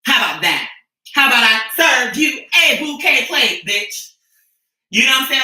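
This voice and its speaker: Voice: high-pitched, animated, moderate pace, pushed and bright. A streamer and musician chatting casually with viewers, rambling, sassy and profane, often restarting sentences. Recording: echoey room, mic at a distance.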